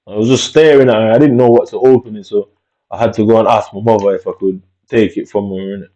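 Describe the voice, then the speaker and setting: A man's voice: on the low side, fairly even intonation, fast talker, mellow, lo-fi sound. A man telling a long, reflective story about his childhood in casual, rambling talk, dropping "innit" throughout. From Jamaica. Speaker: vlogger.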